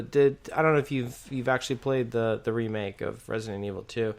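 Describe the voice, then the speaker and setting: A man's voice: mid-range voice, fairly bright tone. A man co-hosting a podcast, chatting casually about video games with frequent restarts and fillers. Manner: rambling, many restarts and fillers. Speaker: podcast co-host. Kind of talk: casual gaming chat.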